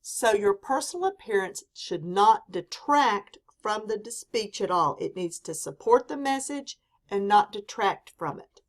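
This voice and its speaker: A woman from the Southern mountains, her accent softened, giving a clear, deliberate lecture on public speaking with emphatic stresses. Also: mid-range voice, lively intonation. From Southern US mountain region. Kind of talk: recorded classroom lecture.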